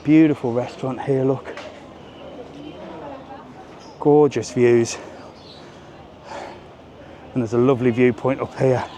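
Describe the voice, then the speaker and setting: A man's voice: medium pitch, fairly even intonation, takes it slowly, long pauses, mellow. A man live-streaming a walking tour, talking casually and joking, with the odd swear word. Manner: chatty, jokey, swears casually. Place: outdoors on a busy resort seafront. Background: faint street and traffic noise.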